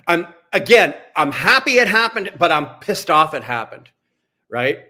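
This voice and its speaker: Angry high-voiced man ranting. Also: very animated, a little slow, pushed and bright. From Canada. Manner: profane, heated, repetitive. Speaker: streamer. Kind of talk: angry livestream rant.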